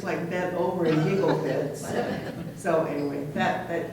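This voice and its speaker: A woman in her sixties, a former player on a panel, telling an old story in an animated way. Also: lowish voice, unhurried, a loud crowd. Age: 60s. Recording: echoey hall from far off.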